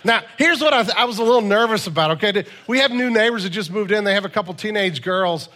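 Man, forties, pastor, sermon, slightly high voice, bright, conversational storytelling. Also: animated, fast. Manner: conversational storytelling with emphatic asides.

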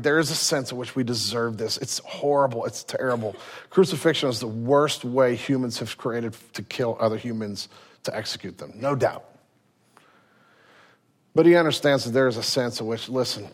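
A middle-aged male pastor preaching an earnest sermon, dropping to a hush and then rising again. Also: medium pitch, husky. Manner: earnest preaching, swinging from hushed to raised.

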